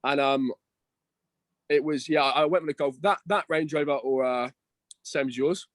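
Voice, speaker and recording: A man's voice: a little high, moderate pace, fairly bright tone, dry recording. A young man chatting casually as a podcast guest, slangy and swearing, calling everyone "mate" and "bro".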